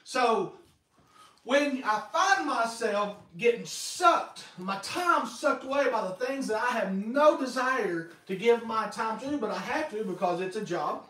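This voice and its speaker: A man preaching a sermon as pastor, telling stories in a lively way and acting out quotes. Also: very high voice, unhurried. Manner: lively, animated storytelling with acted-out quotes. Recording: echoey hall, voice from far off.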